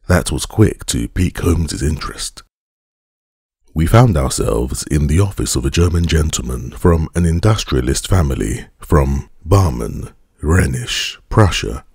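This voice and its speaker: Very deep, gravelly male narrator. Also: darkish tone, no room sound, studio quality. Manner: measured, formal storytelling. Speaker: audiobook narrator. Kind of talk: scripted audiobook narration.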